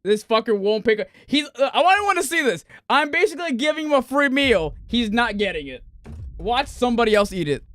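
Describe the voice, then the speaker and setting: A young man on a game stream with a high, bouncy voice that leaps all over the place. He rants and swears theatrically into a close, dry mic. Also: big pitch swings, brisk, fairly bright tone, no echo. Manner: swearing, ranting, melodramatic outbursts. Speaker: gaming streamer. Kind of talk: casual live-stream chatter.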